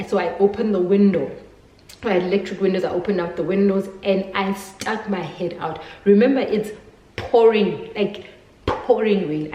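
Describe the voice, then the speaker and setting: A woman's voice: lowish voice, darkish tone, roomy sound, rough recording. A woman telling a personal story to her viewers in a candid, emotional way. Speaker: vlogger.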